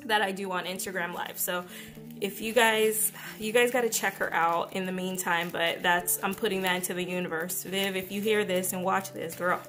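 A woman vlogger talks excitedly and gushes, breaking off sentences and starting over. She keeps her voice low at home, sometimes nearly whispering, in a mid-pitched voice with faint music behind her. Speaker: planner vlogger. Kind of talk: casual unboxing chat. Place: at home beside a napping baby.

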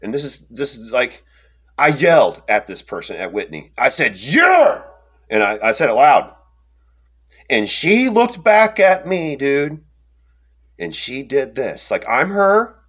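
A young man telling a personal story in a rambling, animated way, with lots of fillers and restarts, and acting out the quotes. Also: mid-range voice, unhurried. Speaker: storyteller recounting an encounter. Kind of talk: casual first-person storytelling.

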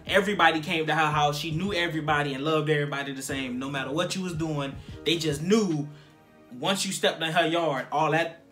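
Bright-toned casual storyteller, animated, voices the quotes, music faint under. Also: medium pitch, a little fast. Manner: animated, acts out quotes, many fillers. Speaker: guest on a Q&A vlog.

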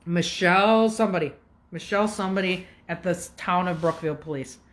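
A woman's voice: on the low side, fairly quick. A woman in her fifties telling a long, agitated story straight to her viewers, swearing and jumping between asides. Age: 50s. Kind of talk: casual rant to camera.

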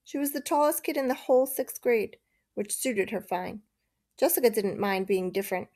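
Woman, narrator, storybook reading, measured, gravelly. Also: mid-range voice, darkish tone.

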